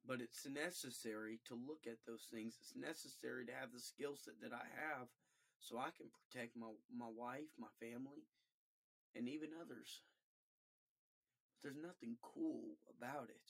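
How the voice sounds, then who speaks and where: A man speaks with heavy emotion, his voice mid-pitched and catching now and then. He talks earnestly in short halting phrases, often starting over and repeating himself as he presses his point. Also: creaky, a bit bright. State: emotional, voice breaking at times. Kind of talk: emotional personal monologue.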